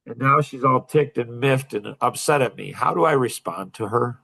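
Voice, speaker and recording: A middle-aged man leading a coaching group, telling a personal story in a casual, animated way with frequent laughter. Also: medium pitch, normal speed, gravelly.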